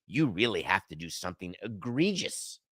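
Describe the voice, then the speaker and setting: A man's voice: low-pitched, big pitch swings, normal speed, fairly bright tone, no room sound, studio quality. A middle-aged man hosting a sports podcast, delivering an emphatic, sardonic opinion monologue and arguing with himself. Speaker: podcast host.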